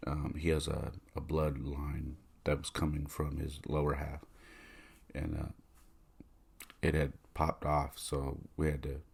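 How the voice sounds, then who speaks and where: A man's voice: very deep voice, gravelly, husky. A man hosting a podcast, telling a personal story in a tender, confiding way, moved with emotion. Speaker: podcast host. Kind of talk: personal reflective monologue.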